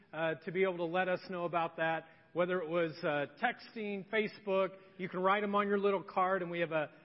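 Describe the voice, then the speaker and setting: A man, a pastor, giving a chatty, joking sermon in a church. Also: high-pitched. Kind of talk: conversational sermon. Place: church sanctuary. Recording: lo-fi with long hall reverb.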